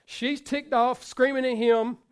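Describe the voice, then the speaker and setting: A man's voice: very high-pitched, little pitch movement, a little slow, clean tone. A man preaching a sermon to his congregation, talking in a loose, conversational way with frequent repetitions and asides. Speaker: pastor.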